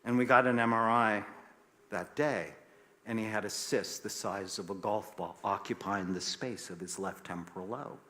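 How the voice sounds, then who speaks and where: Animated male storyteller with soft grave drops. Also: moderate pace. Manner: animated storyteller, acts out quoted voices, drops soft and low for grave moments; emphatic, passionate. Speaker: psychiatrist. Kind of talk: storytelling talk.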